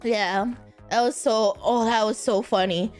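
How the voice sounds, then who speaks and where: A young woman streaming casual chat, giggling often and breaking into high laughter. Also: fairly even intonation, unhurried, a little mellow, soft background music. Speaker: VTuber streamer.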